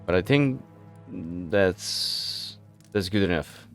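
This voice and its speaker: Low-voiced man reading game text. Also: lively intonation, extremely slow, faint music behind. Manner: laid-back, muttering asides. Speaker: gameplay streamer. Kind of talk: casual gameplay commentary and reading game text aloud.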